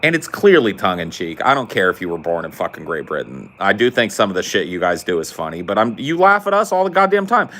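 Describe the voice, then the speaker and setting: A man's voice: low voice, big pitch swings, quick pace, few pauses, sharp tone. An American man hosting a podcast, ranting comedically in a sarcastic, profane way. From United States. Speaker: podcast host. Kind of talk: comedic rant.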